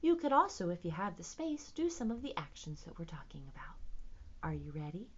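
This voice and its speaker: A woman's voice: fairly low pitch, fairly quick, slightly rough, highs cut off. A woman, a children's librarian, reading picture books aloud at storytime with playful sound effects. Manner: animated, sound-effect-filled read-aloud.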